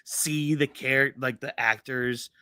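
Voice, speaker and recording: A man co-hosting a casual fan discussion show. His voice sits at a middle pitch and is recorded dry and close. He rambles, restarting sentences and leaning on fillers. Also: steady tone, takes it slowly, sharp tone, smooth, no room sound. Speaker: podcast co-host.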